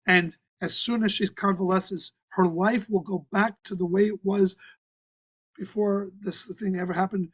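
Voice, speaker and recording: A male rabbi delivering a sermon as a conversational story, halting with frequent restarts and fillers. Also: high-pitched, rough recording. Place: synagogue.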